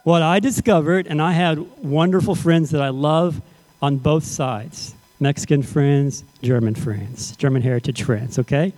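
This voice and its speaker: A man's voice: a little high, unhurried, a little mellow. A man preaching a sermon as pastor, talking conversationally and often checking that the congregation is following.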